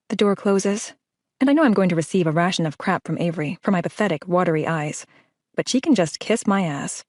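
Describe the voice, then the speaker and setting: A woman's voice: on the low side, fast talker, a little mellow, no echo, studio quality. A woman reading a first-person audiobook, with a wry, conversational delivery. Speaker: audiobook narrator.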